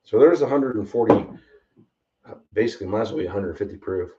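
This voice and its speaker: A man hosting a casual bourbon tasting, excitable and rambling, exclaiming often. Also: on the low side, quick pace, noisy background. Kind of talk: casual livestream tasting chat. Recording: slightly distant, dull lo-fi mic.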